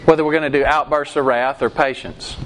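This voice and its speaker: A man's voice: mid-range voice, steady tone, brisk. A man preaching a sermon, quizzing the congregation with questions and acting out quoted outbursts. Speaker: pastor. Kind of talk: interactive sermon.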